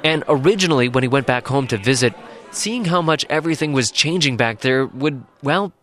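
A man's voice: mid-range voice, lively intonation, brisk, a bit bright. Dry, wry male radio host. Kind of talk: scripted radio narration.

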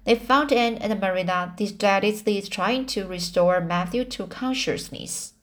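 A woman reading a classic novel aloud chapter by chapter, often pausing on fillers and restarting words. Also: mid-range voice. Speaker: audiobook reader.

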